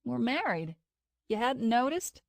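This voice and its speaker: A woman's voice: on the high side, very animated, unhurried, creaky, no room sound, studio quality, voice pushed up, heavily acted. A woman reading a wry level-headed young woman.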